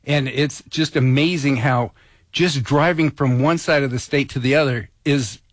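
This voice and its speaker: A man's voice: mid-range voice, normal speed, dry recording. Dry-voiced man chatting on radio. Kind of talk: casual talk radio chat.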